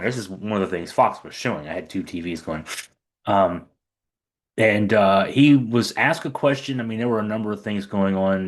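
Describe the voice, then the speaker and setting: A middle-aged man giving casual political commentary, chatty and sarcastic, with many fillers. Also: lowish voice.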